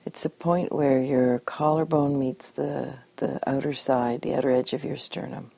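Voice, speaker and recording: A woman guiding a tapping session in a calm, gentle way, giving phrases for the listener to repeat. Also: extremely low pitch, normal speed, vocal fry, no room sound. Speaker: tapping practitioner.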